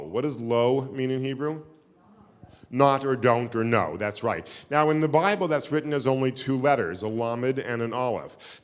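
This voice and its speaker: Chatty male lecturer in an echoey hall. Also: medium pitch. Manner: chatty, self-deprecating storyteller with many fillers. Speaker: keynote lecturer. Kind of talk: live lecture with audience questions. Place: synagogue hall. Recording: reverberant hall.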